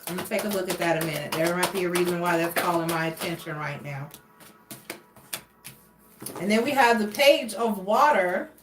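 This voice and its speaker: A woman's voice: lowish voice, moderate pace, pauses often. Rambling woman reading tarot. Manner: rambling, searching for words, frequent restarts. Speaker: tarot reader. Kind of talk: casual tarot reading monologue. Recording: echoey room, voice a bit far from mic.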